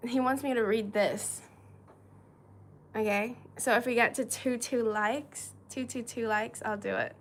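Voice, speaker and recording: A woman's voice: on the high side, steady tone, unhurried, a bit bright, a little hiss or hum. Giggly, hesitant woman streamer. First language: Chinese. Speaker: livestream host. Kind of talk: casual chat reading viewer comments.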